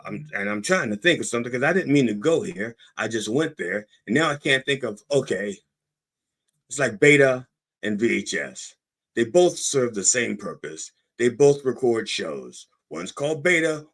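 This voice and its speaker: Low husky guy hosting a podcast, wanders off topic a lot, voice bounces up and down. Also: a bit bright. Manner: rambling, digressive, self-interrupting. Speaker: podcast host. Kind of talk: casual monologue.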